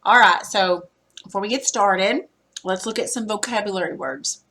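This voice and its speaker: A woman teacher recording a reading lesson, explaining vocabulary words patiently and clearing her throat now and then. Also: medium pitch, sharp tone. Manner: patient, explanatory, spells out word meanings slowly.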